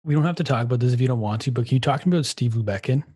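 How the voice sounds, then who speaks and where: A man hosting a podcast, asking a guest questions in a gentle, tentative way. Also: mid-range voice, racing, husky. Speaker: podcast host. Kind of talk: interview questions.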